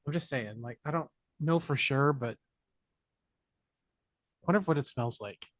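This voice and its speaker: A man's voice: medium pitch, unhurried, no room sound, clean studio sound. A man co-hosting a podcast, casually and jokingly retelling a film plot and acting out the characters' lines. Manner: animated, jokey retelling with put-on character lines. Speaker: podcast co-host. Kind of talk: casual movie recap chat.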